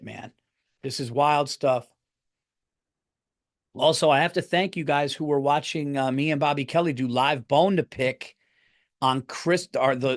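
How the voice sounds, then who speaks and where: A middle-aged man hosting his podcast in a casual, rambling way, getting heated and swearing as he rants. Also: mid-range voice. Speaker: podcast host. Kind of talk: casual comedic rant.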